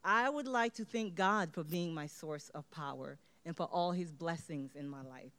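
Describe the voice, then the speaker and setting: Woman giving a pumped-up award speech, bright smooth voice, gets everyone chanting. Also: low-pitched, normal speed. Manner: rousing, leads call-and-response chants. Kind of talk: motivational acceptance speech.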